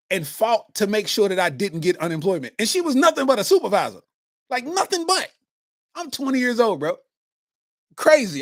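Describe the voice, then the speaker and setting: A comedian in his forties hosts his own podcast, telling stories in an animated, casual monologue packed with street slang. His voice sits high, and there's no room sound.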